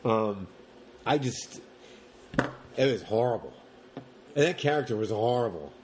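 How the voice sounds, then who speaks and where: A man co-hosting a podcast, chatting casually about movies in long, animated rants and mocking the characters as he goes. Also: on the low side, measured pace, background noise. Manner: rambling, animated rants with mocking put-on quotes. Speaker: podcast co-host.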